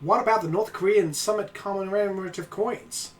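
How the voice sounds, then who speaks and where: A man's voice: high voice, normal speed. A young man streaming a card game, chatting casually and swearing a lot. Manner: sweary, excitable, breaks into shouting and laughter.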